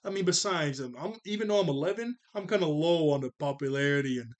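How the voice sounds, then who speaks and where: A man's voice: a little high, fast talker, natural voice. A man doing a nervous lovestruck cartoon boy. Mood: eager.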